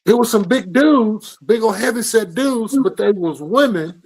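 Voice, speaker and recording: A high-pitched man, co-hosting a morning talk show. He talks loud and profane and needles his co-host. His voice sits well above the usual male range. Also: lively intonation, a little slow, husky, rough recording. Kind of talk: casual banter.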